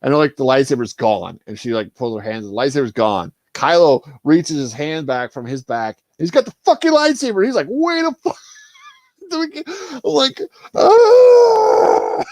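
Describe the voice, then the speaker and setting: Animated swearing man on a livestream. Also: mid-range voice, normal speed, no echo. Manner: animated, swearing, laughing, acting out movie scenes. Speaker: streamer. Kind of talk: casual chat on a livestream.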